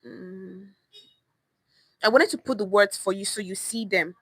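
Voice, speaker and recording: A woman's voice: mid-range voice, a little slow, a bit bright, no echo, low-quality recording. A Nigerian woman giving a casual livestream lesson on pidgin, speaking emphatically and often repeating her phrases. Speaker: online language teacher. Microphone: phone or webcam on a live stream.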